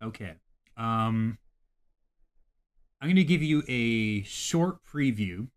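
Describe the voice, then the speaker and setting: A man's voice: mid-range voice, expressive, slow. A man co-hosting a gaming podcast, talking casually and animatedly, swearing freely as he rants about games. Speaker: podcast co-host.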